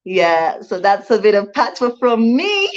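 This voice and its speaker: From home in Rwanda, a Jamaican-born livestream host reads out viewer comments in a slow, sing-song, medium-pitched voice. She's chatty, laughs a lot, and thanks her viewers warmly, all in lo-fi sound.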